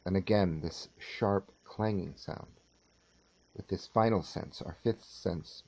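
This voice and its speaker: Slow, low-voiced male teacher. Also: a little mellow, slightly rough. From California. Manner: measured and unhurried, with halting restarts. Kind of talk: slow lecture with storytelling.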